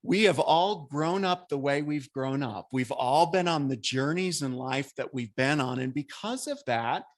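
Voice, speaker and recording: A man giving a spiritual talk to a congregation at a spiritual center, speaking in a conversational, earnest way with a voice that carries and lively acted-out asides. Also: medium pitch, unhurried, few pauses. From American. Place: church hall.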